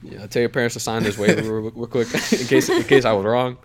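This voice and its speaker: A man's voice: mid-range voice, steady tone, a little fast. A young man on a podcast, chatting casually, wandering through a swearing-laced story full of tangents. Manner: rambling storyteller, swears often, trails off on tangents. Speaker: podcast co-host. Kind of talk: casual chat.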